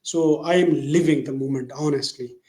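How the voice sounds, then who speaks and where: A man hosting an interview podcast, effusive and halting, often restarting his sentences. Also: a little high, dark tone, reverberant. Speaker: podcast host.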